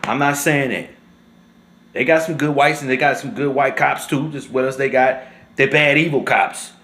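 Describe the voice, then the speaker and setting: A man's voice: mid-range voice, normal speed, fairly bright tone, echoey room, slight background noise. A man talking in an emotional vlog, impassioned and repeating himself as he speaks. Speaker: vlogger.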